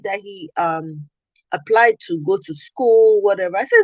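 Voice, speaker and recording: Nigerian woman host, animated storytelling, mid voice, dry dull sound. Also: medium pitch, unhurried, no room sound. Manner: animated storytelling, acts out her own quoted replies. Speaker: podcast host. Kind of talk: casual chat.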